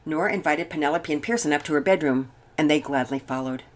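An older woman, a grandmother, reading a children's story and chatting as host in a gentle, expressive way. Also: sits low, quick pace.

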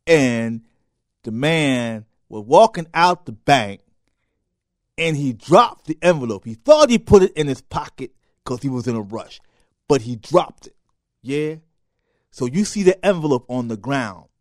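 Animated man telling a parable. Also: medium pitch, no echo, studio quality. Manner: animated, acts out voices in a parable. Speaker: show host. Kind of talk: storytelling talk.

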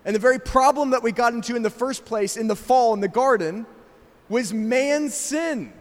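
A man's voice: very high voice, normal speed, big-room sound. A middle-aged man with a slight South African accent preaching a sermon as pastor, emphatic and asking the congregation rhetorical questions. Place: church sanctuary.

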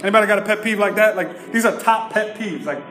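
A man preaching to a congregation as pastor, lively and joking, calling out for the crowd to respond. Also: high voice, quick pace. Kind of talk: sermon with humorous stories. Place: church service. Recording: echoey room with music behind.

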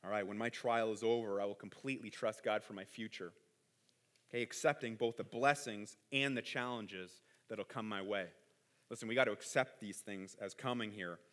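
A man preaching a sermon as a pastor, earnest and conversational, often repeating words and adding quick asides. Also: lowish voice, fairly even intonation, a bit bright.

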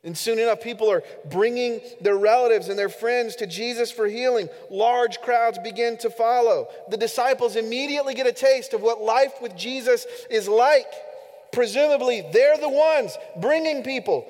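A man's voice: high-pitched, normal speed, a little mellow. A man who is a pastor, preaching an earnest, emphatic sermon to his congregation during a church service. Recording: echoey hall with long reverb.

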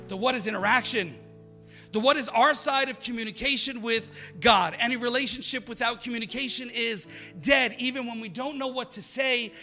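A man in his thirties preaching as a pastor, building from soft, quiet passages to loud, emphatic calls. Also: extremely high pitch, normal speed, in a large hall, faint music behind. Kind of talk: sermon.

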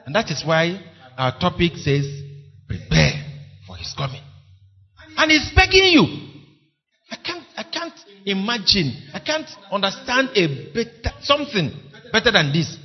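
A man preaches with a high voice that climbs and falls in big, animated swings. He pleads with his listeners in earnest and hammers lines home by saying them again. The recording sounds dull and lo-fi. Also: moderate pace, husky. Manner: impassioned, pleading, repeats phrases for emphasis. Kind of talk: sermon.

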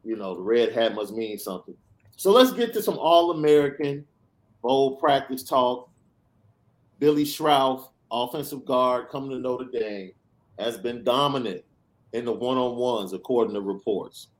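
A man's voice: medium pitch, a little slow. A man hosting a sports podcast, ranting with emphatic, sarcastic repetition. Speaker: podcast host. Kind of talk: animated sports podcast rant.

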